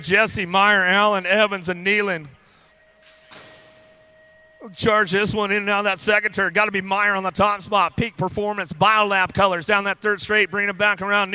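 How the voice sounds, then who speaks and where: Calling races live at a BMX track, this announcer has a high, very bright voice and a smooth, clear delivery. He rattles off names rapid-fire and playfully, joking with riders and crew in between, on a dry recording.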